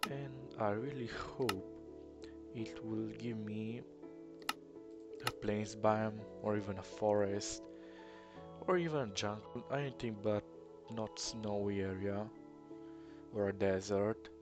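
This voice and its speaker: A man's voice: on the low side, steady tone, takes it slowly, pauses often, over music. A young man with an Eastern European accent, rambling through casual gameplay commentary in a hesitant, self-deprecating way. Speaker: let's player.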